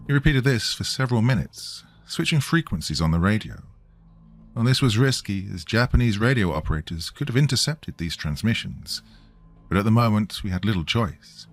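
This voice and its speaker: A man reading a scripted horror story in a slow, grave storytelling way. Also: lowish voice, expressive, soft background music.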